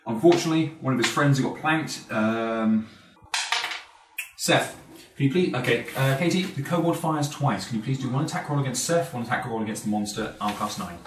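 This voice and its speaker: A man runs a tabletop session as game master. He jokes and swears as he works through rolls and rules. His voice is picked up from a distance in an echoey room with faint background noise. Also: medium pitch. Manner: joking, swears freely, quick rules asides. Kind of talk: running a tabletop game, casual and profane.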